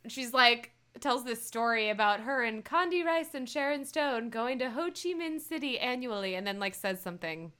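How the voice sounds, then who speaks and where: A young woman with a high, bright voice, talking casually as a co-host. She recaps an episode with animated energy, often laughing and acting out what the characters said. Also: normal speed, few pauses, smooth. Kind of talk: casual chat.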